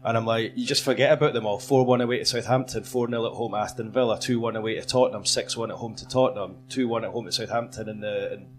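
A man on a live podcast panel, telling a fast, animated story to an audience. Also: medium pitch. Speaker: football reporter on a podcast panel. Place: comedy club stage before a live audience.

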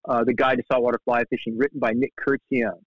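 A middle-aged man spins a casual, rambling story, jumping in pitch whenever he quotes someone. His voice sits at an ordinary middle pitch, recorded dry and close with a slightly muffled, dull tone. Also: quick pace, no room sound. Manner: animated, restarts often, quotes people in lively voices. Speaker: guest, shark fly fisherman.

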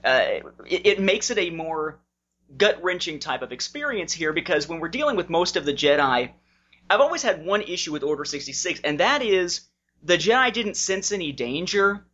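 A co-host in casual chat, making a point in a measured, thoughtful way. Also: medium pitch, sing-song, fairly bright tone. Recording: dull lo-fi sound.

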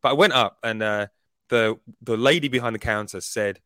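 A man chats as a podcast host, his voice bright and forceful. The sound is dry and close, and he talks in an animated, teasing way. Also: on the low side, moderate pace, no room sound. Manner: animated, mock-boastful. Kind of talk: casual podcast chat.

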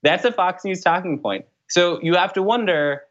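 A young man answering interview questions as a political candidate, in an earnest, brisk way with frequent fillers. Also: high voice, a bit bright. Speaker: congressional candidate. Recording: dull lo-fi sound.

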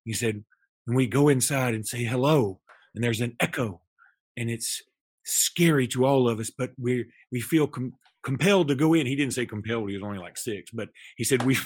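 A man co-hosting a podcast, telling a long anecdote in a rambling, animated way, full of restarts and fillers. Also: mid-range voice, fairly quick. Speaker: podcast co-host. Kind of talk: casual storytelling chat.

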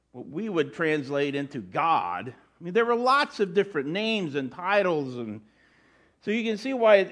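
Male pastor, middle-aged, sermon, conversational, slightly high voice. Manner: conversational preaching with frequent restarts and asides.

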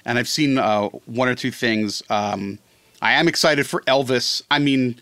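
A man talking as a guest in a casual podcast chat, animated and rambling, often correcting himself mid-sentence. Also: medium pitch, a little slow, no room sound. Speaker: film critic guest.

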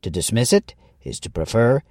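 A man reads a scripted essay in a measured, earnest voice. His pitch moves a lot, rising and falling to stress points. The tone is warm and mellow, and the sound is dry and close. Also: huge pitch swings, no echo. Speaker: narrator.

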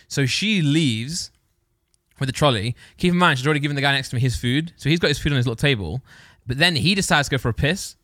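A man's voice: mid-range voice, animated, quick pace, bright, forceful tone, no room sound, studio quality. A man telling a long story in casual chat on a podcast. He rambles, corrects himself and laughs as he goes. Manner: rambling, self-correcting, laughs through his own story.

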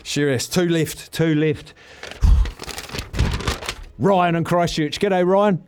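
Excitable high-voiced New radio man. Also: slow, noisy background. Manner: excitable, upbeat, rattles off racing form. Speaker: radio host. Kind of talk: phone-in radio chat.

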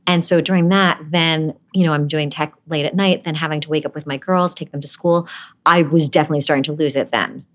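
A woman with a notably low voice tells stories as an interview guest. She grew up in Brooklyn, and she laughs often while she talks in a lively, casual way. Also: fairly quick. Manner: laughs often, animated storytelling.

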